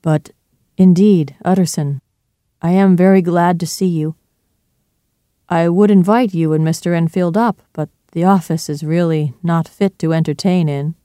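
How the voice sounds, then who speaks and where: A weak, despairing middle-aged doctor, as a storybook reader puts him on, speaks in a faint, dreary voice and draws every word out slowly. The tone stays mellow and dark, and the sound is close and dry. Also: male voice, a little high, steady tone, clear, resonant tone, no room sound, natural voice. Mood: strained. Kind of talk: storybook reading.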